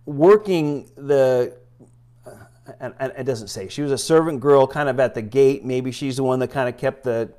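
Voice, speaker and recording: At medium pitch and a moderate pace, this preacher speaks with a darkish tone. His church sermon is informal and conversational, wandering through readings and retellings of scripture amid frequent fillers and restarts.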